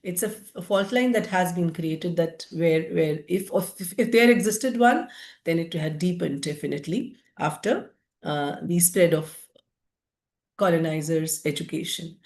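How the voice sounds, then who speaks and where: A woman's voice: fairly low pitch, unhurried, a little mellow. A woman giving a lecture-style book review, often hesitant with fillers and restarts. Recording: roomy echo.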